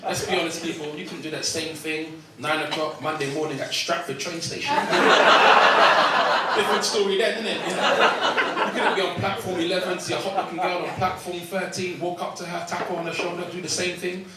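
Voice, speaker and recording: A man's voice: high voice, steady tone, normal speed, very noisy. A man performing a stand-up comedy set, chatty and punchy with frequent asides to the crowd. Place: comedy club stage with laughing audience. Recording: echoey club audio from far off, loud crowd.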